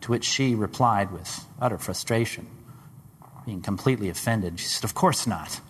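A man preaching a sermon, dramatic, rising to loud high questions and dropping to hushed low tones. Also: moderate pace, slight background noise. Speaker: pastor. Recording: long hall reverb.

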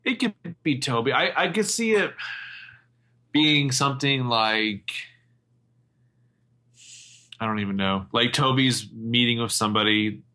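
A man's voice: medium pitch, normal speed, bright, forceful tone. A man co-hosting a podcast in casual chat, playful and a bit hesitant. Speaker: podcast co-host.

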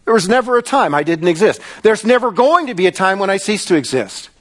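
A man's voice: high-pitched, sing-song, fast talker, pitched above the performer's own voice. A man preaching in the voice of God, an almighty eternal creator, proclaiming in a declamatory way.

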